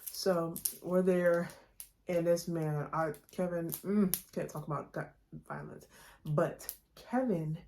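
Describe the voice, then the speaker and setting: A young woman vlogger telling a storytime in a chatty, slangy, animated way to her viewers. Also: fairly low pitch, slow pace, a little hiss or hum. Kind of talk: casual storytime chat.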